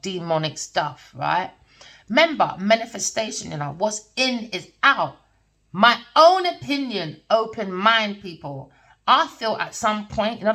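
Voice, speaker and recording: A woman with talks through a tarot reading, her pitch leaping around in a lively, sing-song way. She rambles and preaches in a blunt, casual manner, swears freely, and keeps checking whether you understand. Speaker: tarot reader. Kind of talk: casual spiritual monologue.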